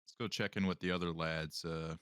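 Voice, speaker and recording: A man chats as a player at a tabletop game in a laid-back way. His voice is very low. The recording is dry and close. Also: steady tone, a little fast, a bit bright, clear, resonant tone, no echo. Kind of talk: casual play at a tabletop game.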